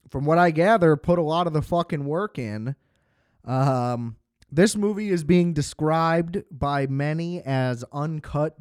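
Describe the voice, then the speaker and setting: Smooth-voiced man rambling through a review. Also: a little high, darkish tone, dry recording, studio quality. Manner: rambling, profane, filler-heavy. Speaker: film reviewer. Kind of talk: casual spoken movie review.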